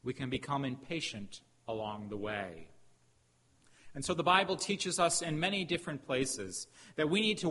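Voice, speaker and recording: A middle-aged man preaching a sermon as a pastor, telling a story with emphatic pauses. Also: on the high side, sharp tone, husky. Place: church sanctuary. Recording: hall reverb, faint background noise.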